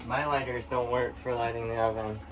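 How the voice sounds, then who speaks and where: A man's voice: medium pitch, a little fast. A man hosting his own cooking vlog from a home kitchen, casual and matter-of-fact with dry little jokes. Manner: relaxed, matter-of-fact, dryly joking. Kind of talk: casual chat while cooking. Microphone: fixed camera on the counter. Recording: noisy kitchen recording.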